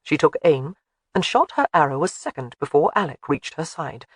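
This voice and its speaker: An audiobook narrator reading a historical romance with expressive storytelling. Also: mid-range voice, normal speed, slightly rough, no room sound, clean studio sound.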